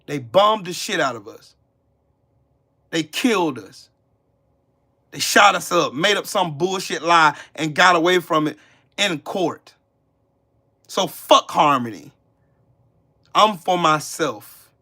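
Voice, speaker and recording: A man's voice: a little high, expressive, slow pace, pauses often, bright, forceful tone. A man hosting a live stream, ranting angrily and cursing as he talks back to his chat. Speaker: livestream host. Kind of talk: angry live-stream rant.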